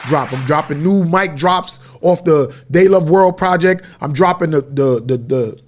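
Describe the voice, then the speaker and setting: A man's voice: a little high, normal speed, slight background noise. A man hosting his podcast in a media studio, telling a rambling story in slang-heavy street talk. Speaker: podcast host. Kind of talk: casual storytelling monologue.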